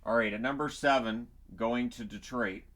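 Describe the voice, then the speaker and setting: A man's voice: mid-range voice, moderate pace, fairly bright tone. A man hosting his own channel, talking through picks in a loose, rambling way with joking asides. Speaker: hockey channel host. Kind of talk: casual solo commentary. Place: home, washer running nearby.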